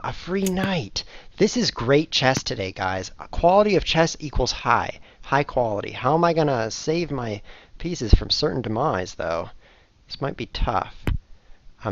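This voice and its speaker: A man hosting his show, commentating live on his own online blitz chess games in a jokey, self-mocking way with sudden excited outbursts. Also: mid-range voice, dull audio, slight background noise. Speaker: chess streamer and show host.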